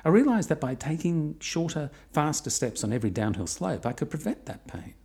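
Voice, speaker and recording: A man's voice: fairly high pitch, big pitch swings, brisk, creaky, warm tone. Wry middle-aged man narrating travels. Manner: reflective, dry wry humour.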